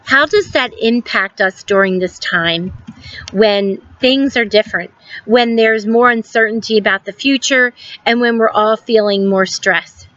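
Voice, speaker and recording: A woman in her fifties, a school guidance counselor giving a recorded lesson to students, telling a story gently with many ums and reflective questions. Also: fairly high pitch, unhurried, no room sound, lo-fi sound. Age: 50s.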